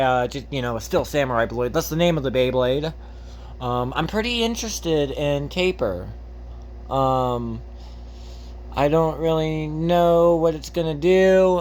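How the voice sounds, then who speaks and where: Rambling, jokey man with a slightly high voice. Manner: rambling and jokey, goes off on tangents; swears casually. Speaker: host. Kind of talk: casual unboxing chat.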